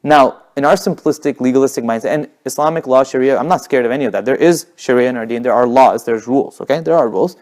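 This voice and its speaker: At a casual community talk, a young man with a typical male pitch speaks fast and rarely slows for long. He's an animated storyteller whose account is packed with "like" and restarts.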